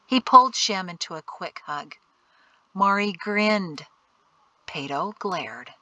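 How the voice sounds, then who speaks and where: Crisp bright woman narrating a novel. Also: mid-range voice, lively intonation, dry recording, poor audio. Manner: measured, clear storytelling. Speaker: audiobook narrator. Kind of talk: scripted audiobook narration.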